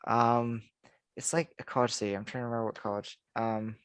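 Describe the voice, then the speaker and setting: A man's voice: mid-range voice, flat delivery, fairly quick, a bit bright, clean tone, no room sound. A man co-hosting a casual podcast chat, rambling with lots of fillers and frequent laughs. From United States. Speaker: podcast co-host.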